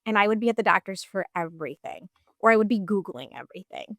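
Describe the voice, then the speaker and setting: Speaking fast with an expressive, mid-range voice, a woman in her thirties shares her personal story as a podcast guest. She's chatty and casual, using lots of fillers, and the studio audio is clean, with no room sound.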